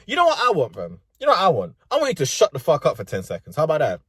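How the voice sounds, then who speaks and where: A man's voice: fairly high pitch, wildly swooping pitch, rapid-fire, a bit bright, slightly rough, no echo, clean studio sound. A young man with a London accent, ranting comedically and profanely in street slang from inside a car. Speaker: vlogger. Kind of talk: comedic rant.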